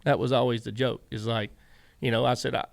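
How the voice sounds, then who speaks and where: A man's voice: medium pitch, fairly even intonation, fairly quick, vocal fry, no room sound. A middle-aged man with a Southern US accent, a guest in an interview, telling long rambling stories and quoting himself and others. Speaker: guest, former racing crew chief. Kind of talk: casual storytelling interview.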